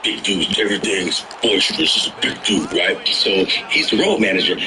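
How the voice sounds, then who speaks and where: Animated low-voiced man telling stories. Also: fairly quick, noisy background. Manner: animated, swings into loud excited outbursts; swears freely, slangy. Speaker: podcast guest telling tour stories. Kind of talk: casual storytelling.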